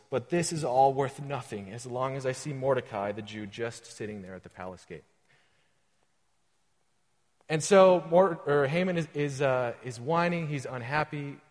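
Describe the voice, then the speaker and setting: A man reading scripture aloud and explaining it casually as a sermon, with restarts and everyday comparisons. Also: a little high. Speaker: preacher. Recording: long hall reverb.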